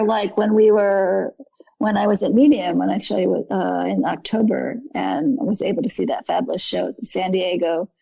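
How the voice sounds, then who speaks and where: A woman guest with a very gravelly, husky voice talks in a rambling, earnest way and keeps correcting herself. Her tone is mellow and the recording is dry and a little dull. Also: medium pitch, no echo. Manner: rambling, earnest, with frequent self-corrections and soft laughs. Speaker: guest artist. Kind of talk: casual conversation.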